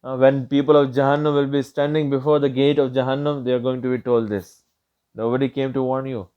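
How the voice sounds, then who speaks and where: A man's voice: mid-range voice, little pitch movement, fast talker, smooth. A man giving a Friday sermon in a mosque, impassioned, and he raises his voice sharply when he acts out quotes. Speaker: Friday preacher. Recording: dull lo-fi recording.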